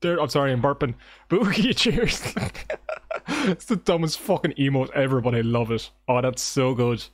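A man streaming a game live, chatting casually with his viewers in an excitable, joking way and swearing often. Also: mid-range voice, moderate pace, no room sound. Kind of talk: casual livestream chat with viewers. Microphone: desk microphone.

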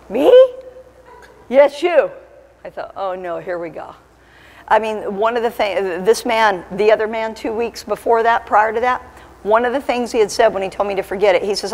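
Woman evangelist preaching in a reverberant church. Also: medium pitch. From Alaska. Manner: storytelling with humor, building to fervent preaching. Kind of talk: sermon. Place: church sanctuary.

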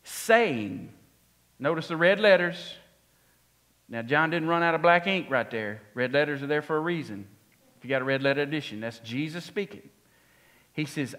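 A man preaching a sermon, animated and often asking his congregation questions. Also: a little high, normal speed, pauses often. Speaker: pastor.

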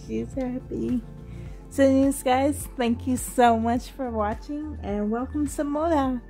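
A woman's voice: high voice, fairly even intonation, a little slow, dark tone, soft background music. A woman vlogger gushing with delight as she unboxes and cuddles a doll, rambling and full of fillers. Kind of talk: excited unboxing vlog.

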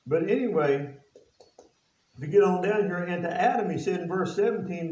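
A male pastor with a fairly high voice preaches a sermon, firing rhetorical questions at his listeners and reading scripture aloud in old biblical wording. His talk is plain and folksy. The recording is echoey and dull, picked up from some way off. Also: expressive, fairly quick, a little mellow. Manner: plain folksy speech with casual grammar. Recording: echoey, distant and dull-sounding.

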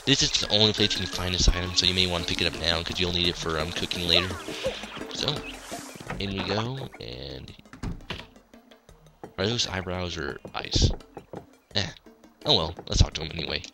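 A man's voice: low-pitched, moderate pace, creaky, pauses often. A man giving casual, hesitant commentary over a role-playing game and reading its dialogue aloud. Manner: hesitant, many fillers and restarts. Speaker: let's play commentator. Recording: game music underneath.

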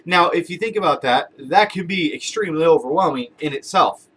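A man's voice: on the high side, fairly quick, fairly bright tone, husky. A man giving a casual motivational talk to camera as a vlogger, conversational and repetitive, using everyday examples. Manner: conversational, repeats phrases, uses everyday examples. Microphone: camera-mounted shotgun mic.

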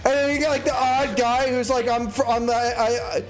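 A man's voice: very high voice, fairly even intonation, normal speed, faint music behind. A man in his twenties, a streamer in casual live chat, ranting in an agitated, rambling way with many restarts. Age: 20s.

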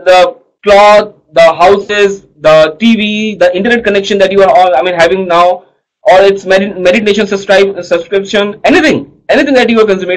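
A man's voice: high-pitched, poor audio. A man teaching an economics class online, coaxing students and often checking they understand.

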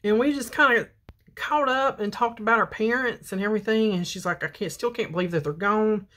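A woman's voice: medium pitch, fairly quick, fairly bright tone. A woman, chatting and telling a story while she does her makeup for a beauty vlog. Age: 50s. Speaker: beauty vlogger. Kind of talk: casual makeup chat.

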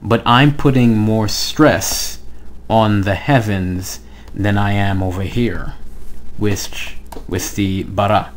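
A man's voice: lowish voice, fairly even intonation, takes it slowly, slight background noise. A man teaching a language lesson online, explaining step by step and checking in with "okay?" as he writes on the screen. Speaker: Hebrew teacher.

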